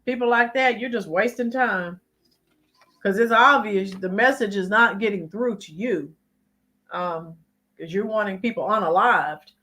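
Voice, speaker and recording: A woman's voice: medium pitch, measured pace, sharp tone. A woman hosting a live-stream, giving emphatic political commentary and talking to chat viewers by name. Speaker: channel host.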